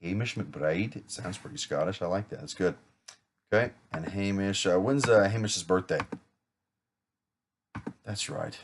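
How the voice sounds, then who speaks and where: A man's voice: low-pitched, measured pace, pauses often, a little hiss or hum. A man acting as an insurance agent in a practice sales role-play, talking casually with small jokes and self-corrections. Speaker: insurance agent rehearsing a client pitch.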